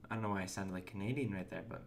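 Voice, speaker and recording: Low-voiced man streaming a game. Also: racing, creaky, slight background noise. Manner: chatty, reads and answers chat, restarts words. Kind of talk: casual gameplay commentary.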